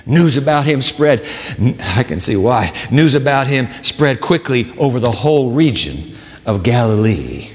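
A male pastor preaching a dramatic sermon, dropping into hushed low asides between bursts of emphasis. His voice sits high and swoops widely in pitch. A long hall reverb trails each phrase. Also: expressive, normal speed.

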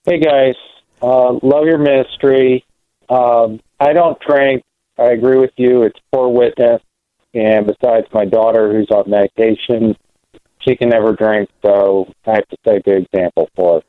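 A man's voice: medium pitch, fairly even intonation, a little slow, no echo. A male caller puts a Bible question to a radio show, hesitating and restarting often. He comes through a tinny phone line with a dry sound. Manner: hesitant, many ums.

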